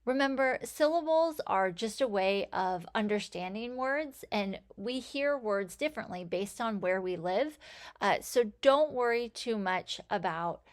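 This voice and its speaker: Woman teacher doing a phonics lesson, super slow, spells out each sound clearly. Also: medium pitch, expressive. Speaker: reading teacher.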